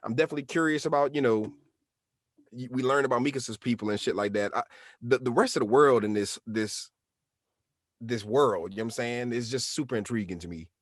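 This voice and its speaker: A man co-hosting a podcast in casual chat, talking in an animated, slangy way and acting out quotes. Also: medium pitch, a little fast, dry recording, studio quality. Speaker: podcast co-host.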